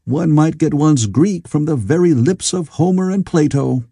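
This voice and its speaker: A man reading the part of an eager, excitable very young Victorian man. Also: on the high side, moderate pace, vocal fry, husky, dry recording, studio quality, voice pushed up.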